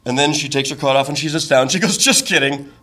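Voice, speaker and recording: A young man telling a comic personal story on stage, self-deprecating with deadpan asides. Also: medium pitch, fast, noisy background.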